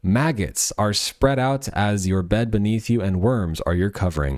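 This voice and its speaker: A man's voice: lowish voice, normal speed, hardly any pauses, darkish tone, no echo, studio quality. A man teaching from the Bible, explaining passages and reading scripture aloud.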